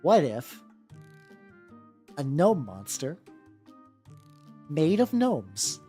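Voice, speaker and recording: Lively, excitable woman streamer. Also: sits low, drawn-out words, faint music behind. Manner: excitable, swears casually, repeats words. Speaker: streamer painting miniatures. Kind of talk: casual live-stream chat.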